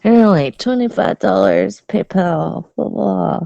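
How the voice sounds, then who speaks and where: A woman's voice: medium pitch, a little slow, vocal fry, warm tone, dry recording. A woman co-hosting a podcast, chatting candidly and bawdily with many restarts. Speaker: podcast co-host. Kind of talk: casual chat. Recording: dull lo-fi dry sound.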